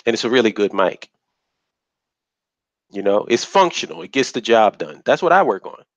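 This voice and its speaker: A man's voice: lowish voice, sing-song, moderate pace, no room sound, dull audio. Blunt, rambling man on a live stream. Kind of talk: casual live stream rant.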